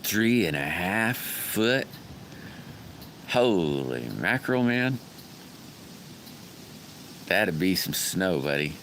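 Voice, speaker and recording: A man's voice: low voice, animated, very slow, long pauses, fairly bright tone, slight background noise. A middle-aged man hosting a casual live stream, rambling in a folksy way and greeting viewers by name. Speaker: livestream host.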